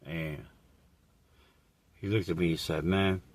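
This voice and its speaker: A man telling a rambling, crude comedic story in a deadpan, profane way. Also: sits low, slow pace. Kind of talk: absurd improvised comedic monologue.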